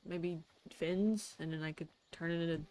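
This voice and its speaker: A woman's voice: fairly low pitch, steady tone, moderate pace, a little mellow, slight background noise. A young woman streaming a game, chatting casually to herself and to the creatures she meets. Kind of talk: casual gameplay commentary.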